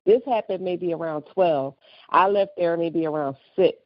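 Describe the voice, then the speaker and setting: A woman's voice: lowish voice, moderate pace, no echo, muffled recording. A woman co-hosting a casual podcast chat, telling stories with lots of laughter. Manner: animated storytelling, laughs a lot. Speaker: podcast co-host.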